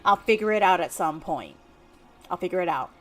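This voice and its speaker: A woman's voice: on the low side, animated, brisk. A woman streamer giving casual, rambling gameplay commentary full of fillers. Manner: chatty, rambling, with many fillers.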